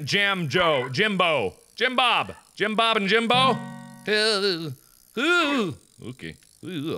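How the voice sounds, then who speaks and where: A young man giving loud, jokey let's-play commentary, swinging between deep mutters and high yelps. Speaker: gaming video host.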